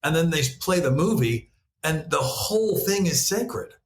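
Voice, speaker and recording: A man talking as a podcast guest, an animated storyteller who acts out voices. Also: a little high, a little slow. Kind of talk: casual conversation. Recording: echoey room, faint noise.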